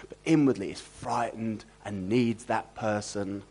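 A male preacher delivering a sermon with lively, animated energy. He talks at a mid pitch and keeps turning to the congregation with rhetorical questions. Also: a little fast, hardly any pauses, breathy edge. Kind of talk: expository sermon.

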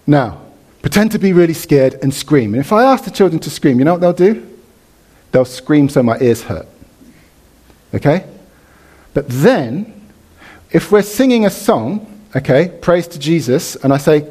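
Animated preacher, fairly high voice. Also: male voice, normal speed, long pauses, breathy edge. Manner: animated, leads congregation in call and response. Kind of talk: sermon. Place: church.

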